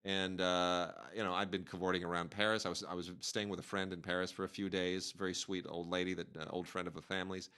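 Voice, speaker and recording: A man's voice: deep voice, little pitch movement, fast, few pauses, bright, forceful tone, clean tone. A man co-hosting a podcast, talking casually about documentaries with lots of fillers and restarts. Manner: rambling, many fillers and restarts. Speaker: podcast co-host reviewing home video releases.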